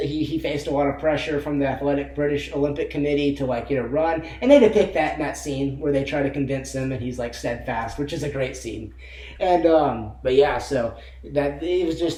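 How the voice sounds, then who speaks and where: A man's voice: a little high, darkish tone. Rambling young man in echoey room. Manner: rambling, many fillers, laughs often. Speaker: co-host of a movie discussion channel. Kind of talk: casual chat.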